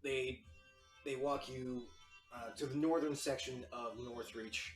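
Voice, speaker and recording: A man's voice: mid-range voice, takes it slowly, distant mic. Man narrating a tabletop game off-mic. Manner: relaxed, hesitant narration with many fillers. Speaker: game master. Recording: echoey room, voice off-mic, faint music.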